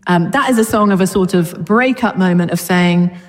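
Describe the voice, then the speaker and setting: A woman's voice: fairly low pitch, normal speed, long reverb tail. A woman preaching a sermon in a church, chatty and informal with touches of humour. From Britain.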